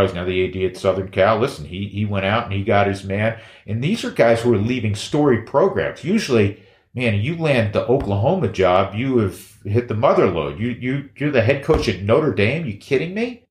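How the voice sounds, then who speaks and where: A man hosting his own podcast, reading ads and chatting in an energetic, emphatic way that repeats key phrases. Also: lowish voice, echoey room. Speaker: podcast host. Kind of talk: casual chat and live ad reads.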